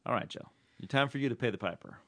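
A man's voice: medium pitch, expressive, quick pace, bright, forceful tone. A man hosting a casual podcast, joking and laughing often with his co-hosts. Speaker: podcast host. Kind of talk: casual chat.

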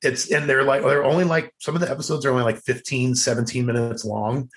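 A young man chatting loosely about movies, full of fillers and restarts, with a mid-range voice and an easy laugh. He rambles from point to point in a relaxed conversational way. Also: mid-range voice, fast talker. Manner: rambling, full of fillers, laughs often, acts out quoted lines. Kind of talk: casual chat about movies and TV.

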